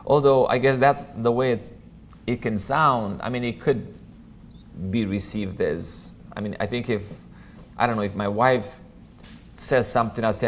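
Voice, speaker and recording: A man with a medium-pitched voice leads a Bible class in a church room, speaking without hurry over a faint hiss or hum. His casual teaching is sprinkled with ums and friendly side remarks.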